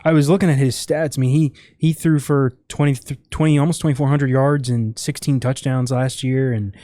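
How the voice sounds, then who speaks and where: A man's voice: mid-range voice, steady tone, fairly quick, dark tone, no echo. A man co-hosting a sports podcast, talking casually with frequent hesitations and restarts. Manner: hesitant, many restarts and fillers. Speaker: podcast co-host.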